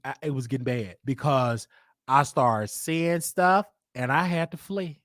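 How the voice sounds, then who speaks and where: A Chicago man hosting his own show tells a personal story casually and emphatically, repeating lines for effect. His mid-range voice is fairly bright at normal speed, in clean studio sound with no echo.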